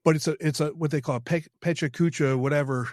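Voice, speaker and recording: A man hosting an interview podcast in casual chat, talking haltingly with many restarts. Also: on the high side, fairly even intonation, a little mellow, no echo, clean studio sound. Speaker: podcast host.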